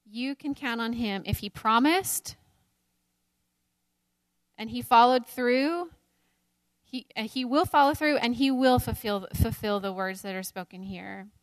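A woman in her thirties teaches a Bible study in a slightly high voice, candid and self-deprecating, breaking into laughter often. The sound is dry and close, with no room around it. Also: unhurried, no echo.

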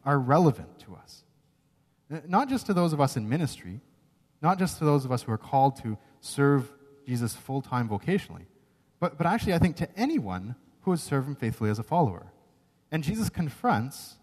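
A man's voice: mid-range voice, darkish tone. A man preaching a sermon, earnest and emphatic, often checking in with "right?". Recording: long reverb of a large hall.

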